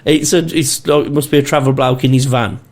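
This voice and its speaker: A man's voice: mid-range voice, fairly quick. A British man on a podcast, telling stories in casual chat, swearing freely and laughing a lot as he acts out the people in them. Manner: animated storyteller, swears a lot, laughs often, acts out quoted voices. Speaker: podcast co-host.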